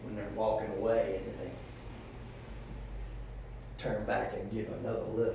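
A man's voice: lowish voice, little pitch movement, normal speed, gravelly, pauses often, a little mellow, reverberant, a little hiss or hum. A man preaching a sermon in a folksy, rhetorical, joking storytelling manner.

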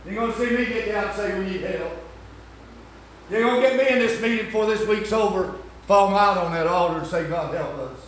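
An older man preaching a sermon, swinging from shouting to hushed storytelling. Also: sits high, brisk, a little hiss or hum. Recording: echoey room, distant mic.

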